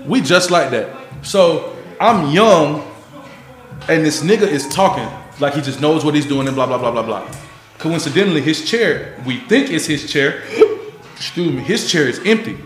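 A man telling stories in casual banter on a podcast, animated, swearing freely and acting out the people in them. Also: a little high, normal speed, roomy sound, faint music behind.

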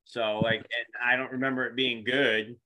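Bright-voiced Long Island podcast host. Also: male voice, mid-range voice, little pitch movement, moderate pace. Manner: playful, laughs often, repeats phrases for effect. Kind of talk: casual podcast chat.

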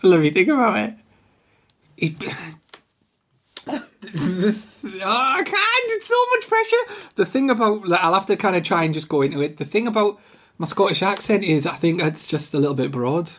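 Young woman, Teesside accent, podcast co-host; low-ish husky voice, self-deprecating, frequent laughter. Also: moderate pace. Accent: Teesside (Middlesbrough). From Middlesbrough, England. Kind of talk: casual chat. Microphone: podcast microphone.

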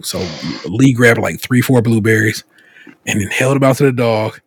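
A man hosting a casual podcast, telling stories in an animated way with swearing and acted quotes. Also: medium pitch, moderate pace, long pauses, husky, no room sound, studio quality. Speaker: podcast host.

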